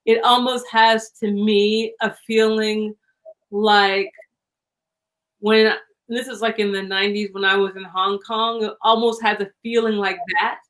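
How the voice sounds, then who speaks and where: A woman chatting casually as an interview guest, an animated storyteller full of likes and restarts. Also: mid-range voice, unhurried. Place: lives on the East Coast, away from LA.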